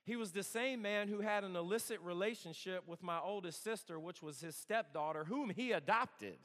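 A man's voice: high voice, moderate pace, fairly bright tone. A man in his thirties giving a storytelling sermon, conversational and earnest with touches of humor. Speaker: campus worship speaker. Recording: long hall reverb.

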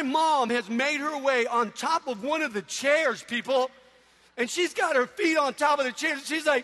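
A man preaches with a very high, bright voice, telling stories animatedly with sudden loud bursts. His voice rings through a large hall with a long reverb tail. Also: moderate pace, a little hiss or hum. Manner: animated storytelling, loud outbursts. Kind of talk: sermon. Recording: echoey hall.

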